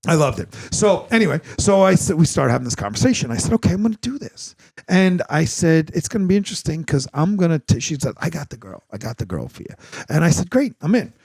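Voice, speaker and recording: Gravelly animated man telling a story. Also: a little high, fast talker. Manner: animated, acts out quotes, swears freely. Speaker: podcast host. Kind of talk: casual storytelling chat.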